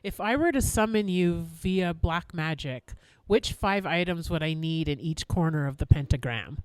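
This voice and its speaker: High bouncy voiced podcast host guy, dry close mic, lots of laughing. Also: lively intonation, normal speed, clean tone. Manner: laughs a lot, echoes the guest. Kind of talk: casual chat, interviewing.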